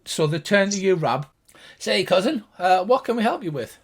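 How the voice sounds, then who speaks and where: An older man narrating as game master of a tabletop game, playful and animated. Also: normal speed, breathy edge. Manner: lively, plays gnome voices with big pitch jumps.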